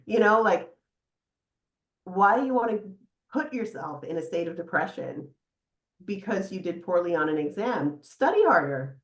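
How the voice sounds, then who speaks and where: Lively woman therapist, echoey room. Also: lowish voice, moderate pace. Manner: animated, laughs often, guides listener through exercise. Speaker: psychotherapist guest. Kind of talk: casual podcast interview.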